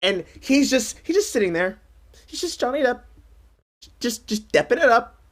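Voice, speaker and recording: A woman streamer delivers a sarcastic, profane comedic rant. Her voice is fairly high and swings widely in pitch, and her animated delivery keeps bouncing around. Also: normal speed. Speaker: streamer host.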